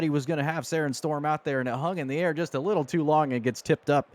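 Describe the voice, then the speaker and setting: A man's voice: a little high, fast talker, dry recording. A man giving color commentary on a simulated football game in a folksy way, full of exclamations. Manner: folksy, leans on exclamations like "boy, oh boy". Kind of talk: live esports football commentary.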